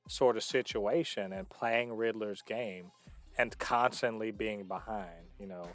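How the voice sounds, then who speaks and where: A man's voice: lowish voice, a little slow, soft background music. A man co-hosting a casual movie review podcast, explaining emphatically with frequent restarts. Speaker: podcast co-host.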